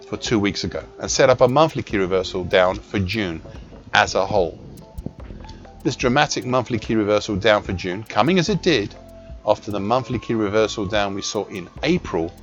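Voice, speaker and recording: Low-voiced man giving market commentary. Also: lively intonation. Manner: measured and precise, with small self-corrections. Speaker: market analyst. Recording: dull lo-fi recording with faint music.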